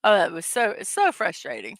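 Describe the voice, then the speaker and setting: A woman's voice: medium pitch, wildly swooping pitch, fairly quick, vocal fry, no echo. A middle-aged woman hosting a casual daily morning show, chatty and giggly as she reads out silly memes. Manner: giggly, chatty, frequently laughing at her own jokes. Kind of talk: casual livestream chat reading memes.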